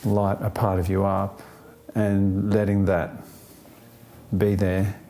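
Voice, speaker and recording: A man speaks in a low register with a mellow, soft-edged tone. He answers an interview question thoughtfully, taking his time, pausing on fillers and circling back mid-sentence. His outlook comes across as gently upbeat. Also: completely flat delivery, vocal fry, soft background music. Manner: thoughtful, unhurried, many fillers and restarts.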